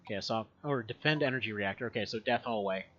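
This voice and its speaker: A man's voice: lowish voice, fast talker, fairly bright tone, dull audio. Chatty rambling man streaming a game. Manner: rambling and chatty, laughs often. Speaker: gaming streamer. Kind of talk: casual gameplay commentary. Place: home.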